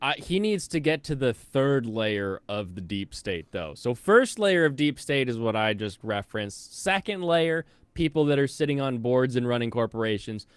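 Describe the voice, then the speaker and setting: A male streamer reacts sarcastically in a casual stream, laughing often and breaking into rants. His voice is smooth and resonant. The sound is dry and close. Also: mid-range voice, expressive, moderate pace, few pauses, no room sound. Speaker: stream host.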